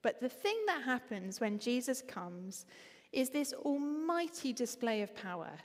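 Woman preacher, Essex accent, conversational sermon, higher register, big reverberant hall. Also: a little slow. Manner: conversational, lively, frequent ums.

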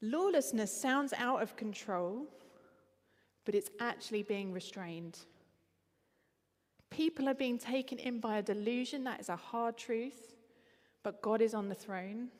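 Woman preacher, Essex accent, conversational sermon, higher register, big reverberant hall. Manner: conversational, lively, frequent ums.

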